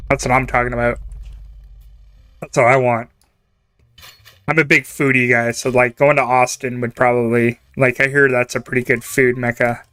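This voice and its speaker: A man's voice: mid-range voice, a bit bright, smooth. A young man from Canada chatting casually and rambling while he streams a game, laughing often. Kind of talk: casual chat while gaming.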